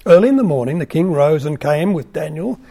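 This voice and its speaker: A man's voice: on the high side, expressive, brisk, vocal fry, warm tone. Wry man reading to a class. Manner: wry, conversational asides. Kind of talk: scripture reading with asides to a class.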